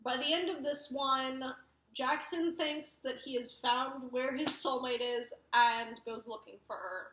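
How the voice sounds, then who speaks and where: A woman's voice: sits high, unhurried, noisy background. A young woman giving a casual book review, rambling with lots of fillers. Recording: roomy echo.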